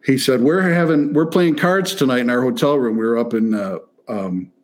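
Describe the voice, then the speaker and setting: Profane animated storyteller man. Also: medium pitch, moderate pace. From Michigan, near Detroit. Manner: animated, profane, acts out quotes. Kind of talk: casual storytelling chat.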